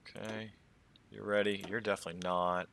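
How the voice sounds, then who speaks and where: An American man casually commenting on a strategy game as he plays, thinking aloud in a relaxed, chatty way. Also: fairly low pitch, a little fast, creaky, slight background noise. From United States. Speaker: strategy game let's player.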